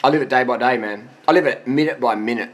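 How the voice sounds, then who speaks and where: A man's voice: medium pitch, fast talker. A man of forty giving blunt, profane answers to viewer questions in a casual monologue, worn out after a long ride. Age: 40s.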